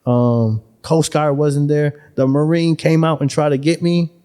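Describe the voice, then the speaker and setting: A man from Buffalo, New York, talking as a podcast guest, telling his story in a profane, streetwise, animated way. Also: on the high side, measured pace, clear, resonant tone. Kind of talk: casual storytelling chat.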